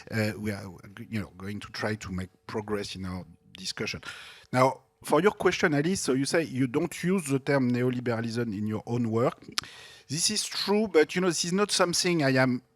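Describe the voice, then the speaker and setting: A man's voice: medium pitch, animated, normal speed, no echo. A man with a French accent, a native French speaker discussing ideas in English at a panel debate, talking animatedly with frequent "you know" and restarts. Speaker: invited economist in a panel debate.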